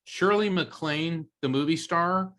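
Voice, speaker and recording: Bright-voiced man telling animated stories. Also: on the high side, a little slow. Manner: lively anecdote-telling, acting out quoted voices. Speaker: guest. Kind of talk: animated storytelling in a podcast interview.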